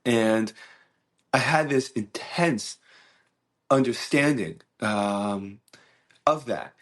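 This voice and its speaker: A man's voice: mid-range voice, expressive, very slow, fairly bright tone. A man hosting a solo podcast, talking earnestly and reflectively, searching for words with many restarts and fillers. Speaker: podcast host. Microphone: mic and camera.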